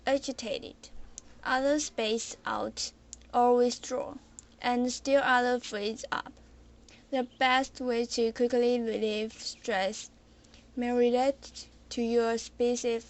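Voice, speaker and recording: A young woman, a student, reading an article aloud in a halting way, often restarting words she cuts off. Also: on the high side, low-quality recording. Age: young adult.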